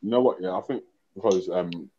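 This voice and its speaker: A man talks in an unhurried, hesitant podcast chat, his voice very low and husky. The recording sounds dull and lo-fi. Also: warm tone. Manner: hesitant, laid-back, frequent fillers. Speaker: podcast co-host. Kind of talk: casual chat.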